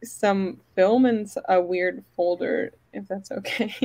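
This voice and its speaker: A woman chats casually as a co-host. She talks in a halting way, full of "like" and "um". Her voice is close and dry, with middle pitch. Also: a little mellow, no room sound, rough recording. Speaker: co-host, photographer. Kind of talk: casual chat on a call.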